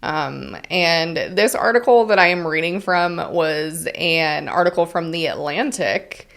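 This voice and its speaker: A woman's voice: lowish voice, a little slow, creaky, fairly bright tone. A woman co-hosting a podcast in casual chat, reading from an article with frequent ums and likes. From Utah, United States. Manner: chatty, frequent "um" and "like". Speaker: podcast co-host.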